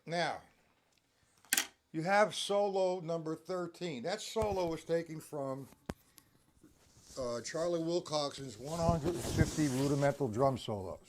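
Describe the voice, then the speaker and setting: A man's voice: on the high side, measured pace, pauses often, darkish tone, a little hiss or hum. A man teaching a live-streamed drum lesson, counting beats aloud and checking in with viewers.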